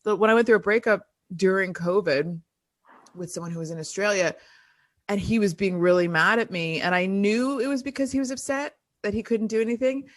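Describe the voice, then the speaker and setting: A woman co-hosting a podcast, telling stories in a casual, animated way with plenty of swearing. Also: mid-range voice, a little fast. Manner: animated storyteller, acts out quotes, swears freely. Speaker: podcast co-host. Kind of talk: casual chat.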